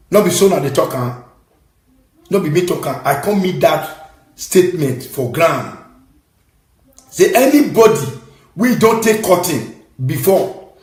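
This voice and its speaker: A fairly high-voiced Nigerian man lectures his audience in a scolding, preachy way, his pitch leaping up and down as he bursts into shouts. The sound bounces around an echoey room. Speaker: online commentator. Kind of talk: impassioned commentary.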